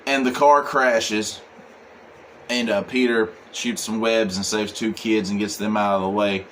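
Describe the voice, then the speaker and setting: Male comic reviewer, lower register, loose chatty recap with filler words. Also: steady tone, measured pace, fairly bright tone, a little hiss or hum. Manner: rambling, full of "he's like" and "um". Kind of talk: casual plot recap.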